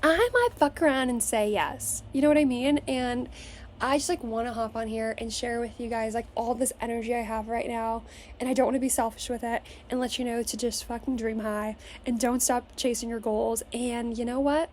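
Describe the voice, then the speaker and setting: A young woman in her twenties, from Las Vegas, talks to her camera from her childhood bedroom in a high voice. She rants with energy, curses freely and leans on "like" as a filler. A faint hum of room noise sits behind her. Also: moderate pace. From Las Vegas, Nevada. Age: 20s. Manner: profane, energetic, filler-heavy with "like". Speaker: vlogger. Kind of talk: casual motivational rant to camera.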